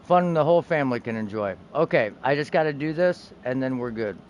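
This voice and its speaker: A man's voice: mid-range voice, lively intonation, fairly quick, highs cut off, a little hiss or hum. A young man streaming a game, chatting casually, trailing off and swearing now and then. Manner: laid-back, swears casually, trails off mid-sentence. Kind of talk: casual gaming stream chat.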